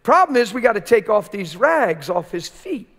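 An older man preaching a sermon, telling a story in a colloquial, animated way and acting out the dialogue. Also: high voice, moderate pace, long reverb tail. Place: church sanctuary.

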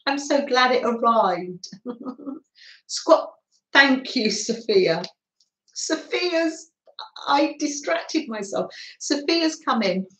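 A woman's voice: high-pitched, lively intonation, extremely slow, pauses often, fairly bright tone. A middle-aged British woman hosting a live art stream, chatting casually with viewers and laughing often. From Britain. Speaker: livestream art host. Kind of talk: casual livestream chat. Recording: roomy echo.

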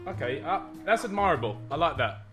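A man's voice: on the high side, expressive, a little fast. A man on a video call making crude jokes in a mock-innocent way. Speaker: dating app contestant. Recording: loud music bed over call audio.

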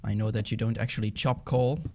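A man's voice: fairly low pitch, fairly quick, slight background noise. Dutch-accented man rambling over gameplay. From Netherlands. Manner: rambling, chatty, easily excited. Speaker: gaming channel host. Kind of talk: casual let's-play commentary.

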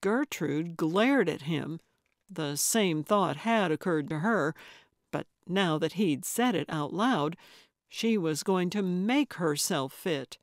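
A woman reads a cozy mystery audiobook at a slow, unhurried pace, measured and even. The studio recording is dry and close, with no room sound at all. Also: fairly low pitch, no echo. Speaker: audiobook narrator. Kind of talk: scripted audiobook narration.

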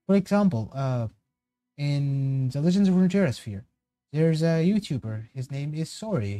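A man's voice: a little high, no room sound. A man streaming a casual reaction to game cards, rambling and correcting himself as he goes. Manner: rambling, self-correcting, excitable tangents.

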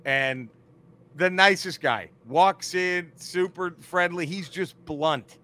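A man co-hosting a casual comedy podcast, profane and laughing, acting out other people's lines in animated voices. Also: sits high, slow pace. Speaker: podcast co-host.

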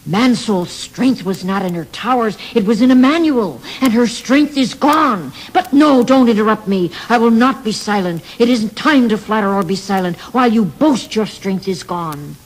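A man's voice: high-pitched, animated, normal speed, hardly any pauses. A man voicing a stern old male prophet who preaches and pleads with rising force. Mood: impassioned.

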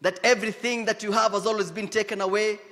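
A man's voice: high voice, flat delivery, quick pace, fairly bright tone, long reverb tail. A man with a Kenyan accent preaching a sermon, emphatic and repetitive, dropping Swahili phrases into his English. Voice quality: emphatic preaching, repeats key lines, switches into Swahili phrases. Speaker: pastor.

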